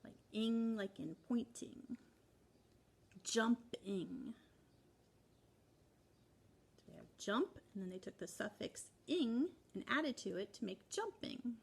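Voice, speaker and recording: A woman's voice: on the high side, animated, slow, creaky, long pauses, slightly rough. A woman teaching young children a spelling lesson from home, patiently sounding words out part by part.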